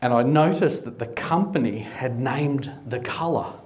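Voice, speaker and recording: A man's voice: medium pitch, measured pace, a little mellow. A middle-aged Australian man doing stand-up comedy, telling dry, conversational anecdotes with comic timing. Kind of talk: stand-up storytelling.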